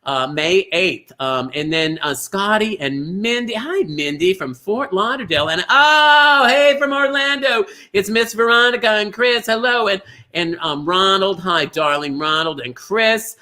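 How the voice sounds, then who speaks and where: A man's voice: high voice, lively intonation, measured pace, bright, forceful tone. A man from Minnesota hosting a livestream bingo show, chatty and gushing as he greets viewers by name.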